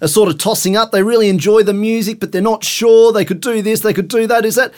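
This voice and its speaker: A man hosting a podcast, interviewing a guest in a relaxed way and repeating words as he agrees. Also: high voice, fast. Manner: friendly, agreeable, stumbling repeats. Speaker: podcast host.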